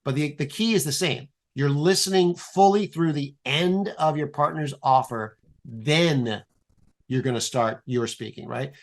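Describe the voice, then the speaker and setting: A man guest on a podcast, explaining an improv exercise in a playful, animated way and swearing casually. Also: on the high side, measured pace.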